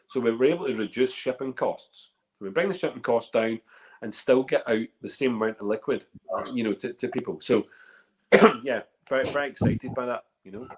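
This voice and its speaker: A man's voice: medium pitch, brisk. A man with a Northern Irish accent hosting a whiskey tasting in casual, rambling chat full of fillers and restarts. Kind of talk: casual live-stream chat.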